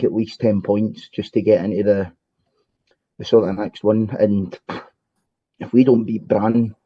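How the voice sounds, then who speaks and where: A man's voice: lowish voice, husky, dry recording, dull audio. A Scottish man co-hosting a football podcast remotely, chatty and casual, often asking "you know what I mean". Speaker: podcast co-host.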